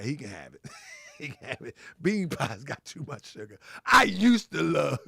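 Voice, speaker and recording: A man hosting a live show, loud and animated, laughing often, repeating himself and calling out to his chat and callers. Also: mid-range voice, gravelly, no room sound, studio quality. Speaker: livestream show host.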